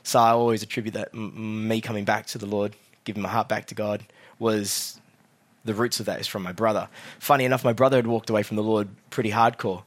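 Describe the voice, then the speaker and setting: A young man giving a sermon as a guest preacher, telling his own story quietly and then rallying the congregation loudly. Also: fairly even intonation, brisk. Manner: drops soft and low for the story, then loud and rousing with the crowd. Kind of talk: sermon with personal testimony. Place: church hall.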